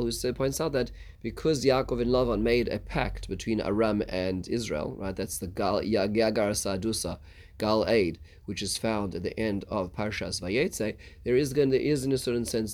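A man teaching a casual Bible lesson, halting, with many stuttered restarts. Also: fairly low pitch, a little mellow. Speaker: Torah teacher.

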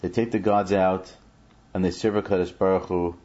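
Low, dark-voiced man teaching scripture. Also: flat delivery, normal speed. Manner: chants Hebrew verses then explains them in English. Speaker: Bible teacher. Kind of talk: verse-by-verse Bible class. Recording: dull lo-fi recording.

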